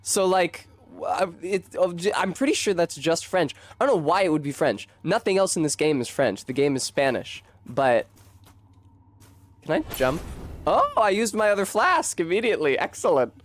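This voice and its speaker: A man's voice: high voice, big pitch swings, moderate pace, dry recording. A young man streaming a game, chatting casually, swearing and correcting himself as he rambles. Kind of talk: casual gameplay commentary.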